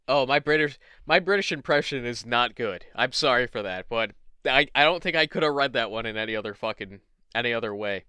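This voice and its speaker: A man's voice: fairly high pitch, expressive, a little fast, sharp tone, clean tone, dry recording, clean studio sound. A man giving casual, sarcastic commentary, swearing and laughing as he goes. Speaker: internet commentator.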